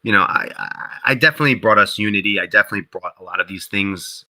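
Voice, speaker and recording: A man talks through his story as an interview guest, loose and chatty, leaning on "like" and "you know." His voice is very bright and forward, and he jumps up into a higher pitch whenever he acts out what someone else said. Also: fast, poor audio. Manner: animated storyteller who acts out quotes in a higher voice; heavy use of "like" and "you know". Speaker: interview guest, game developer.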